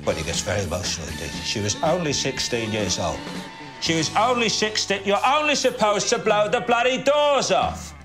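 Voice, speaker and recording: A man doing a slow nasal aging film star. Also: high-pitched, sing-song, music in the background, voice pushed up. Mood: emotional.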